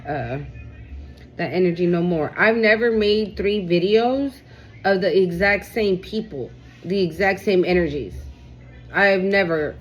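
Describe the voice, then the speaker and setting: Casual profane woman reading tarot. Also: fairly low pitch. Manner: casual, profane, repeats "okay?" often. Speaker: tarot reader.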